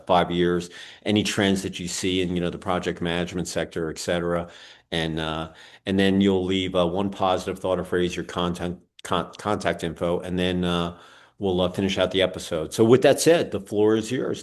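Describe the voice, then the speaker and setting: A man's voice: low-pitched, level tone, brisk. A man with a Pennsylvania accent hosting a casual interview, talking in a rambling, folksy way with many fillers. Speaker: podcast host.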